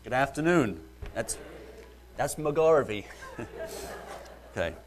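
A man's voice: on the low side, measured pace, darkish tone, slight background noise. A man with a British accent preaching a sermon, first joking lightly, then reading Bible verses and explaining them earnestly.

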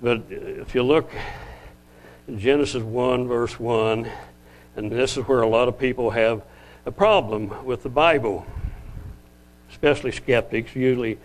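An older man giving a conversational Bible-teaching sermon, often restarting sentences and slowing down to read scripture. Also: mid-range voice, rough recording. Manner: rambling, self-correcting, conversational; slows down to read scripture aloud. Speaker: lay preacher.

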